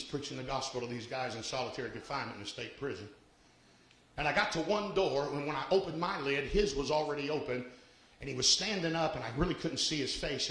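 A man, preaching a sermon and telling stories, swinging from hushed narration to shouted exhortation. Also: medium pitch, echoey room, slight background noise. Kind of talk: sermon with storytelling.

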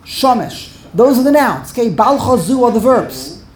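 A woman's voice: on the high side, very animated, moderate pace, crowd noise. Emphatic woman teaching in an echoey room. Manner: emphatic, repeats words while correcting pronunciation. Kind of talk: Torah grammar class.

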